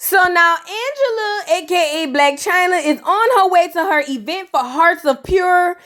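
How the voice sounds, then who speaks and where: A woman's voice: very high-pitched, animated, measured pace, fairly bright tone. A woman hosting a casual, comedic recap of a reality TV episode, sassy and chatty, acting out the people she quotes.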